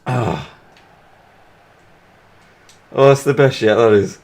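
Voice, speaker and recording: A man's voice: deep voice, sing-song, normal speed. A man who is a gaming YouTuber, chatting casually over his gameplay and repeatedly breaking into laughter. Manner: giggly, keeps breaking into laughter.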